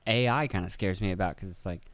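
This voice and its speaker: A man's voice: sits low, fast talker, a bit bright, no room sound. A young man hosting a casual solo podcast, rambling and swearing, laughing at himself and acting out quoted voices. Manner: rambling, profane, self-deprecating, acts out quotes. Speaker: podcast host. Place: indoor room with video camera.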